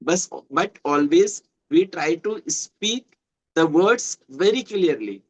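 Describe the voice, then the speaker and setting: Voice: mid-range voice, animated, slow pace, low-quality recording. A speaker with an Indian English accent explaining earnestly in casual conversation practice, repeating points. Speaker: conversation partner.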